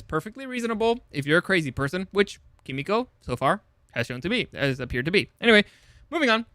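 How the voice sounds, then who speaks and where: A young adult man casually recapping a TV episode as a show host, chatty and loose, swearing and paraphrasing characters in quick asides. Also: sits high, bright, forceful tone, smooth, no echo.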